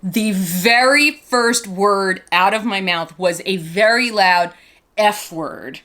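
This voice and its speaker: Chatty bright-voiced woman in her fifties. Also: medium pitch, slow pace. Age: 50s. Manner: chatty, animated storyteller with many "like" fillers; enthusiastic about the doll. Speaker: doll collector and reviewer. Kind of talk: casual vlog chat and storytelling.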